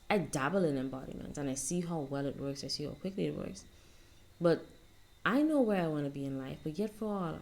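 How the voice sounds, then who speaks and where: A young woman vlogging casually at home, soft-spoken and rambling as she reflects on her life. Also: low voice, creaky. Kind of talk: casual self-help vlog monologue.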